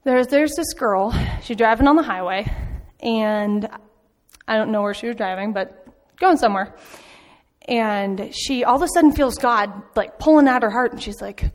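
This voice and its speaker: Woman, informal church talk, conversational storyteller, higher voice, reverberant sanctuary. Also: moderate pace. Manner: chatty storytelling with frequent ums and laughs. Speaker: church speaker back from a mission trip. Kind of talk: informal sermon. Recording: long hall reverb.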